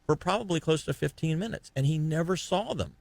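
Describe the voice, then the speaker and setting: A man hosts a fishing radio podcast, recorded close and dry in a studio. He tells his stories in a casual, animated way, and his voice swings high when he acts out the people in them. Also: brisk, creaky, no echo. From Florida. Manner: animated storyteller acting out other anglers. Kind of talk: casual storytelling chat.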